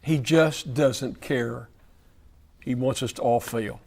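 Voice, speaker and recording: A man's voice: medium pitch, takes it slowly, gravelly. A man leading a Wednesday night Bible study before a church audience, speaking emphatically with lots of repetition and slipping into folksy storytelling.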